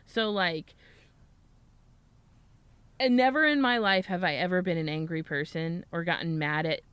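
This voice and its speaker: Smooth-voiced young woman, chatty and swearing. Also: on the low side, unhurried, fairly bright tone, no echo. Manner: rambling, swears freely, laughs often. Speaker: podcast co-host. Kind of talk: casual chat.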